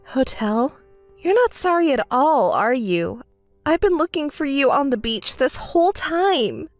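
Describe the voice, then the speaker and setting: A woman's voice: high-pitched, big pitch swings, measured pace, dry recording, faint music behind, exaggerated voice. Style: text story voice acting. Figure: a woman playing an indignant young bride, scolding. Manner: scolding, sarcastic.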